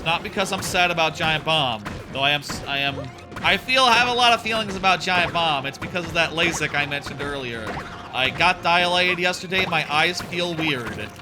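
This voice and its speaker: A man's voice: on the high side, expressive, moderate pace. A man streaming a platform game, chatting casually and candidly, swearing often and thinking aloud as he plays. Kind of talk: casual live-stream commentary while playing. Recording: music playing behind.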